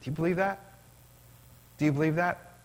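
Animated, conversational male preacher. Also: fairly high pitch, fairly quick. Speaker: pastor. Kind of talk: sermon. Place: church.

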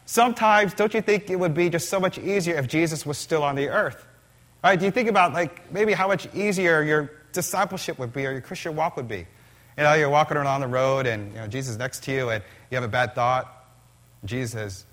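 A male pastor delivering a sermon in a church. He preaches in an animated, conversational way. He often turns to the congregation with questions. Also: a little high, brisk.

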